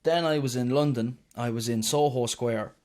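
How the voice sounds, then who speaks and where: A young Irish singer, appearing as a guest, chats through an interview, telling stories loosely, swearing and poking fun at himself. His voice is medium-pitched with a darkish tone at normal speed.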